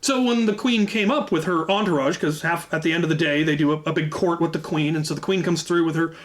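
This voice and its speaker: A man hosting his own channel, telling an anecdote in a casual, lively way with frequent asides. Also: a little high, fast. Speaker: channel host telling a story. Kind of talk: casual storytelling.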